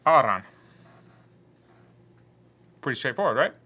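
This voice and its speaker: A man's voice: mid-range voice, sing-song, slow, sharp tone, slightly rough. A man teaching a Spanish grammar lesson to his class, explaining patiently and voicing the objections students might raise.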